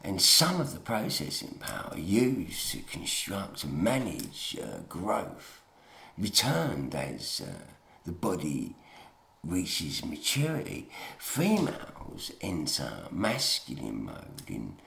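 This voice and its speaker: Gravelly, animated Englishman ranting. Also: low-pitched, takes it slowly, reverberant. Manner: emphatic, sweary, chatty asides. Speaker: video lecturer. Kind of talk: rambling monologue.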